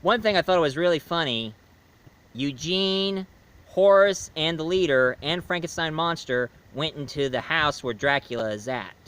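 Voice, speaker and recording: Bright-voiced chatty male movie reviewer. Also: on the high side, normal speed, clean tone, low-quality recording. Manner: rambling, chatty, with many fillers and restarts. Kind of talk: casual video film review.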